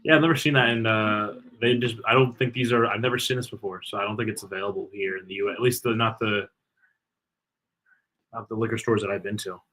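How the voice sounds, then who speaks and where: Fast-talking bright-voiced man. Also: on the low side, rough recording. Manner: rambling, filler-heavy, excitable. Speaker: co-host of a fan watch-party stream. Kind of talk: casual live game-watching chat.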